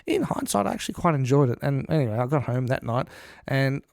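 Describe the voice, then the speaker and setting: A man's voice: medium pitch, animated, quick pace, vocal fry, a little mellow, dry recording, clean studio sound. A man, co-hosting a podcast in casual chat and telling a rambling story with lots of ums and restarts. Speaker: podcast co-host.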